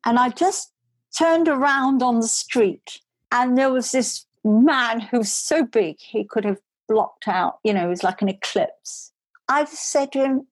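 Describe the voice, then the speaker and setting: A woman telling a personal story in an animated way, dropping into breathy asides. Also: on the high side, moderate pace, dry recording, low-quality recording. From England. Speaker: storyteller guest.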